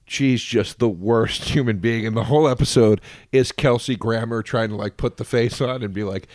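A man's voice: medium pitch, normal speed, hardly any pauses, no room sound. A man chatting on a podcast, swinging his voice up and down as he acts out scenes. He swears freely and talks over his co-host. The sound is dry and close. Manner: animated storyteller, swears freely, acts out quotes. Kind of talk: casual chat.

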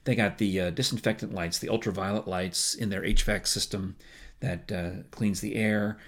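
A man's voice: on the low side, steady tone, normal speed. A man co-hosting a podcast, chatting casually and wandering into side stories. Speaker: podcast co-host. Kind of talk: casual chat.

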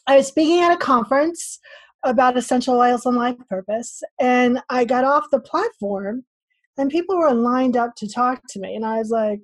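Animated woman telling stories. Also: fairly high pitch, moderate pace, dry recording. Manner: animated, acts out quoted voices. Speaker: podcast guest, spiritual teacher. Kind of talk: casual storytelling interview.

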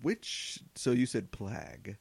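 A man's voice: medium pitch, big pitch swings, takes it slowly, creaky, a little mellow, husky, dry recording. A man from Minnesota co-hosting a podcast, joking and teasing in rambling casual banter. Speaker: podcast co-host.

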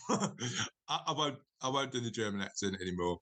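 Bright-sounding guy, middle-aged, rambly jokey podcast host. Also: mid-range voice, animated, brisk. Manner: rambling, self-correcting, jokey. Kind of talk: casual chat.

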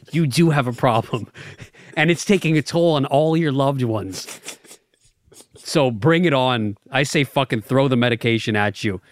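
A man's voice: mid-range voice, no echo. A man co-hosting a podcast, teasing his partner in profane, mock-serious banter. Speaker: podcast co-host.

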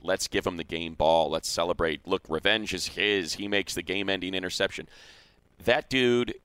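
A man's voice: low voice, normal speed, smooth, no echo. A man co-hosting a sports show, arguing points emphatically in casual debate. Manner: emphatic, animated, repeats words when heated.

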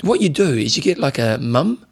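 A man's voice: a little high, sing-song, normal speed, vocal fry, a little mellow, husky. A man co-hosting a podcast in rambling casual chat, laughing often. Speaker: podcast co-host.

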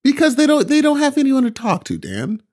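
A man co-hosting a casual chat, animated and easily amused. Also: very high-pitched, fairly quick. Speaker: podcast co-host.

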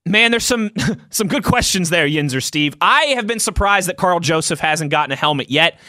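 A man's voice: fairly high pitch, lively intonation, moderate pace, sharp tone, dry recording, clean studio sound. A young man hosting a sports talk show, chatting loosely and reading out listener tweets, laughing easily. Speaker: sports podcast host.

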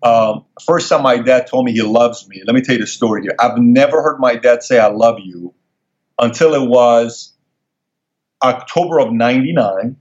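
A man telling a personal story as an interview guest, animated and acting out the people he quotes in a higher voice. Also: moderate pace. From Middle East. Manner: animated, acts out quoted dialogue in raised voice. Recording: dull lo-fi sound.

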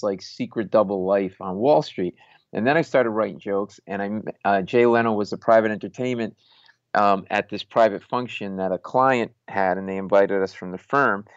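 A man's voice: low-pitched, no echo. Rambling self-mocking storyteller, a man. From Rhode Island. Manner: rambling, many restarts and self-mocking asides. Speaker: guest, comedian and former lawyer. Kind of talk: casual storytelling. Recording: dull lo-fi, dry sound.

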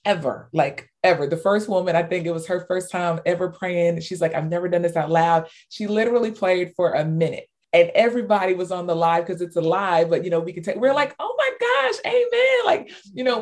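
A woman author as an interview guest, telling stories with lots of fillers and bursts of excitement. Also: lowish voice. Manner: animated storyteller, many fillers, squeals in retold cheers. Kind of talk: casual interview talk.

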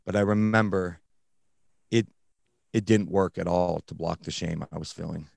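Deep-voiced man telling his story bluntly. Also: gravelly, darkish tone, no echo, clean studio sound. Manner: blunt, casual, uses slang; halting, with restarts and fillers. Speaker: guest recounting his addiction recovery. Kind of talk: candid personal storytelling.

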